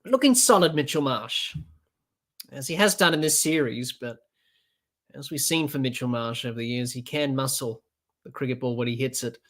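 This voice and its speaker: A man's voice: medium pitch, normal speed. A man hosting a podcast, giving unscripted play-by-play cricket commentary with fillers and restarts. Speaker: podcast host doing live match commentary.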